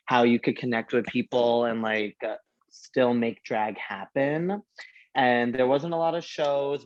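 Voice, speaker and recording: A drag performer from Brooklyn, chatting in a sassy, slangy way and laughing often. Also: male voice, medium pitch, dry recording, dull audio. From Brooklyn, New York. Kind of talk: casual podcast chat.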